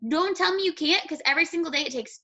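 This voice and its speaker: High, bright-voiced woman coaching her team. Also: quick pace, lo-fi sound. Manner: chatty, blunt, swears casually. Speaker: team leader. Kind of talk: motivational team call.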